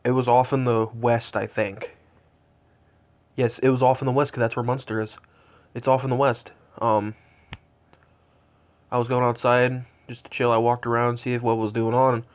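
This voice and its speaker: Shivering from the cold, this twentysomething vlogger out tracking Santa rambles in awe, stuffing his casual, excited talk with fillers. His pitch is medium, his delivery flat, his pace moderate, with long pauses.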